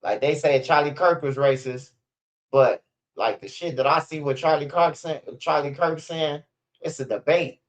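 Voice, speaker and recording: A man's voice: on the high side, moderate pace. A man hosting a casual news livestream, rambling and profane with stammering restarts. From Chicago, USA. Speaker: street news livestream host.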